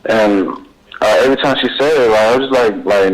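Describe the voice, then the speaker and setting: A young man, answering questions in a recorded police interview, halting and rambling, repeating himself with many fillers. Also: on the low side, low-quality recording.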